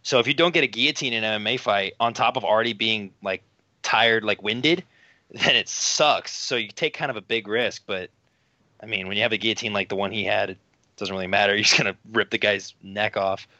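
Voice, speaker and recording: A man's voice: lowish voice, brisk, pushed and bright, dry recording, lo-fi sound. A man chatting casually as a podcast guest, explaining grappling in a laid-back way with many fillers. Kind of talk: casual chat.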